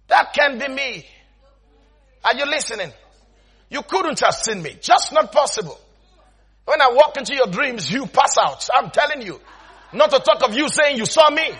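Male preacher, bright and forceful tone, lively swooping pitch, laughs and shouts through the sermon. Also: moderate pace. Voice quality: laughs often while preaching, breaks into shouts. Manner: animated, emphatic, repeats phrases. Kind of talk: sermon with storytelling.

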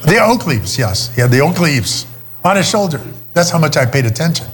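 A man's voice: a little high, very animated, a little fast, faint music behind. A middle-aged man preaching a sermon, telling a personal story in a conversational way. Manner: storytelling, conversational, many restarts. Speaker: pastor.

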